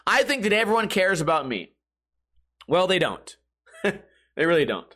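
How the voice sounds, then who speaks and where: Young guy on a podcast, laughing at himself, cussing a lot, pretty high-ish voice. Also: big pitch swings, moderate pace, sharp tone. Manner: self-mocking, laughs at own jokes, swears freely. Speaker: podcast host. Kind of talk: casual comedic storytelling.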